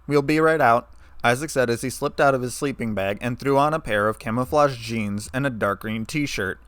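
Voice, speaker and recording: A man reads a fan story aloud in a steady, even narrating voice. His pitch is middling for a man. The recording is dry and close, with no room sound. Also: normal speed, smooth, no room sound.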